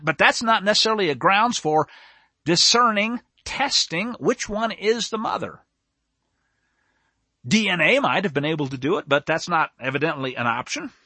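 An animated male preacher with a high, bright voice that leaps up and down in pitch. He preaches emphatically and digresses into nerdy asides. The sound is close and dry. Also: husky, no room sound. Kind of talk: sermon.

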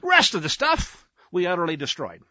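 A man's voice: high-pitched, huge pitch swings, a little fast, bright, forceful tone, no room sound, highs cut off, exaggerated voice. A man doing a flustered, pleading biblical king. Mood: defensive. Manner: pleading, stammering excuses. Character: defensive eager male biblical king.

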